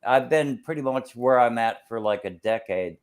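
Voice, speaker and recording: A man's voice: medium pitch, normal speed. A man hosting a casual chat, rambling and searching aloud for words.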